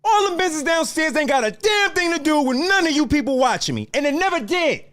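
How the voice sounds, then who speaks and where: A man's voice: very high-pitched, very animated, quick pace, a bit bright. A man hosting a solo podcast, ranting heatedly at his audience with lots of swearing and lecturing. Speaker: podcast host.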